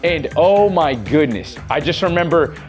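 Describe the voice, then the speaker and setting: A man's voice: fairly high pitch, animated, moderate pace, over music. A man narrating his own adventure as a voice-over, retelling it vividly and with animation. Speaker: wildlife adventurer.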